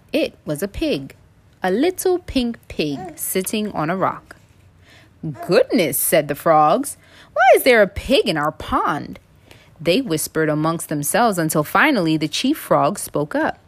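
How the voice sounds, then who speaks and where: A woman in her thirties reads a children's picture book aloud at an unhurried pace. Her pitch swings widely as she acts out each animal. Playful and expressive throughout. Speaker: storytime reader, mom. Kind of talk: children's storybook read-aloud.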